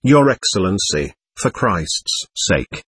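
A man reading an audiobook, voicing a poor, terror-stricken army captain who begs and falters in a hushed voice. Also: on the low side, sing-song, slow, husky, dry recording, clean studio sound, voice pushed down, full character voice. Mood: pleading. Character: terrified pleading poor old army captain. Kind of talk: audiobook character voice.

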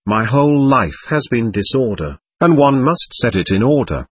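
A man voicing an excitable, melancholy young man who rambles through toasts and gloom. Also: mid-range voice, moderate pace, breathy edge, no room sound. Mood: brooding.

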